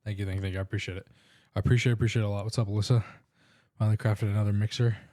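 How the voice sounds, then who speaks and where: A man's voice: lowish voice, little pitch movement, racing, dark tone, dry recording, clean studio sound. A man with an Indian accent streaming a game, explaining plans in a rambling, casual way. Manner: rambling, restarts sentences while explaining plans. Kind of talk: casual live-stream chat.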